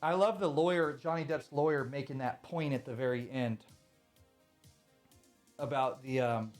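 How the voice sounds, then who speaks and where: A man's voice: medium pitch, steady tone, moderate pace, soft background music. A man ranting on a live stream in a casual, emphatic way, swearing often and repeating his points.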